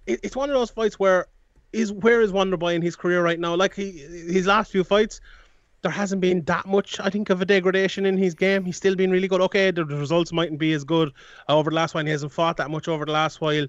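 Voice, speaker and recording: A man's voice: sits high, fairly even intonation, a little fast, dry recording, dull audio. A man, a guest analyst in a casual sports chat, rambling with many restarts and frequent laughs.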